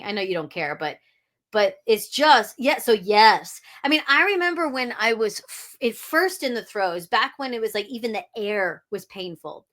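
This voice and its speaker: A woman's voice: mid-range voice, fairly bright tone. A woman guest on a podcast, talking frankly with lots of restarts and blunt swearing. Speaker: podcast guest, audiobook narrator. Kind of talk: candid interview talk.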